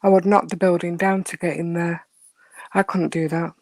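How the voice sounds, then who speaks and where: A woman's voice: on the low side, level tone, moderate pace, a little mellow, dry recording. A woman hosting a casual live chat with her viewers, teasing and chatty as she answers them. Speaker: livestream host chatting with viewers.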